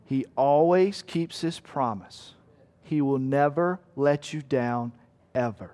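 Earnest preacher in a reverberant hall. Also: male voice, medium pitch, takes it slowly, warm tone. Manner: earnest, emphatic, storytelling, with spoken repetition. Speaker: pastor. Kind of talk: sermon.

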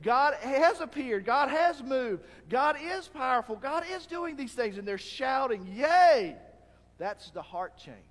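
A man preaching a sermon as pastor, talking animatedly and acting out the shouts of a crowd. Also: very high voice, animated, unhurried, hardly any pauses. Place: church hall. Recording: long reverb of a hall.

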